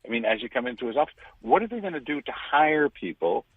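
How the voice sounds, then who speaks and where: An older man giving indignant, emphatic radio commentary, stressing words with big jumps in pitch. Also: sing-song, fast, no room sound. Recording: dry, phone-like radio line.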